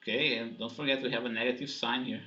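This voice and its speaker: Talking fast with fairly even intonation, a man with a mid-range, pushed, bright voice leads a physics class. He explains things step by step, repeatedly asking "okay?" and "right?", and the lecture recording comes across echoey and dull.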